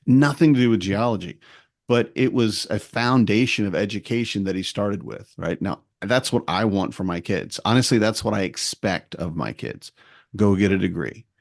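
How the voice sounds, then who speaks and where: A man in his forties chatting casually on a podcast, telling lively family stories and acting out what people said. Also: lowish voice, moderate pace, vocal fry, no echo, studio quality. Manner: lively storyteller who acts out quotes. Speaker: podcast co-host and at-home dad.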